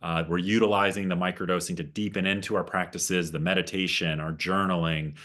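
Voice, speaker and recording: Male life coach host, very low voice; warm affirmations delivered in long, upbeat coaching phrases. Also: level tone, brisk. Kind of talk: interviewing a client.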